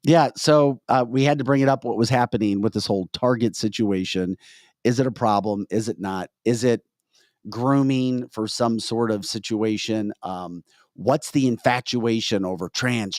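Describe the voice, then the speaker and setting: A man's voice: lowish voice, normal speed, a little mellow, dry recording, clean studio sound. A man hosting a casual political talk show, talking animatedly and reading out viewer comments. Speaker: host.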